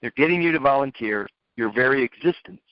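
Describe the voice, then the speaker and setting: A man's voice: mid-range voice, expressive, brisk, smooth, no echo. A man giving a lecturing monologue, posing rhetorical questions and repeating his phrases for emphasis. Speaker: speaker. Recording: dull, dry lo-fi recording.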